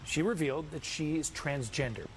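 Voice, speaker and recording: A man voices a TV news report in a slightly raised pitch. He keeps it measured and even, as reporters do. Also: slight background noise, rough recording.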